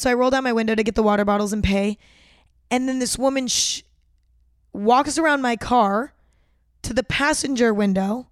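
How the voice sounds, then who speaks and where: A woman's voice: on the high side, no room sound, studio quality. A young woman telling stories in a casual vlog, chatty and full of "like", swearing freely. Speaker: vlogger. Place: Los Angeles.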